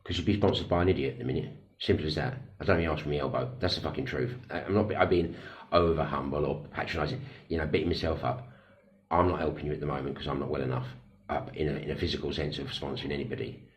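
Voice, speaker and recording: A middle-aged man, a recovering addict speaking candidly in a personal vlog, blunt and self-deprecating, telling a story slowly with pauses. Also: a bass voice, steady tone.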